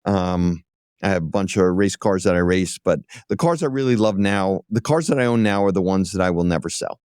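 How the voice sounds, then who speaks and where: A man, an auto executive, is a guest on an interview show, telling lively stories and acting out other people's voices. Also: sits low, fairly quick, clear, resonant tone, no echo, studio quality. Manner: lively anecdote-teller who acts out other voices. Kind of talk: casual interview storytelling.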